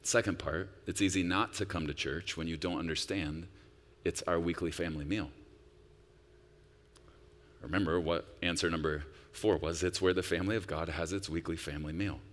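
A man preaching a sermon as pastor, swinging between hushed asides and loud emphatic lines. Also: low voice, fairly even intonation, moderate pace. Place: church sanctuary. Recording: long hall reverb.

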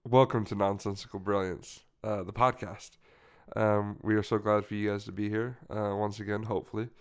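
A man's voice: lowish voice, flat delivery, normal speed, smooth. A young man hosting a podcast in casual, joking chat, rambling and playful. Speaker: podcast host.

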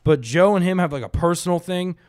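A man's voice: high voice, fairly quick. A man hosting a podcast, chatting casually and weighing both sides with profane asides. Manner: profane, even-handed, talks through both sides. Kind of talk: casual chat.

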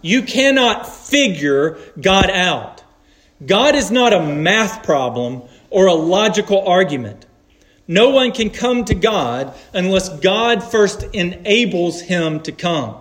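His pitch swings widely and his tone is a bit bright as this fairly high-voiced male preacher gives a slow, deliberate sermon. Earnest and measured, he relies on emphatic pauses to make every point stick.

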